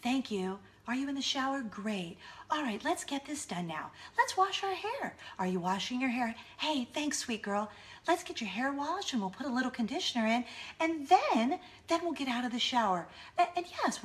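A woman putting on a sugary, over-calm, slightly unhinged mom voice while telling her kids what to do. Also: high voice, normal speed. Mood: eerily calm. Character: eerily calm, sing-song "crazy mom" woman.

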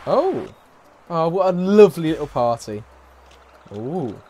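A man commentating a game, loud and mocking, swearing and taunting characters. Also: on the high side, sing-song, a little slow, long pauses, slight background noise. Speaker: gaming YouTuber. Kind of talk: let's play commentary. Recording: game music faint behind.

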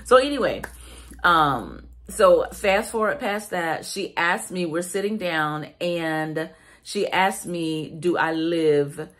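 A woman's voice: lowish voice, lively intonation, slow pace, a bit bright. A woman from South Carolina with a Southern US accent, chatting casually to her viewers and calling them "y'all.". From South Carolina, USA. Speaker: vlogger.

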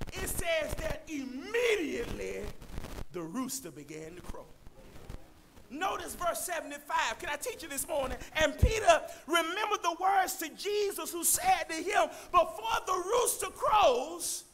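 A man preaching a sermon, loudly addressing the congregation as church, with a gravelly edge. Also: very high-pitched, a little hiss or hum. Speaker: pastor.

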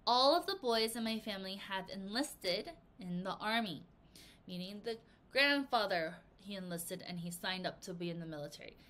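Woman English teacher, bright and animated, drilling vocab with kids. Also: medium pitch, moderate pace. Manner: animated, acts out example sentences. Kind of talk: vocabulary lesson for children. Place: language academy in Korea.

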